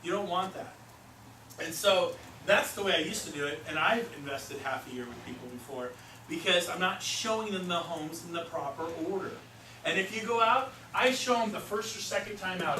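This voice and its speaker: Man, middle-aged, real estate trainer, lively storytelling seminar talk, voices the people he quotes, roomy echo, noisy. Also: high-pitched, fairly quick. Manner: animated, acts out quoted voices. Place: seminar room. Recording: echoey room, mic far off, noisy.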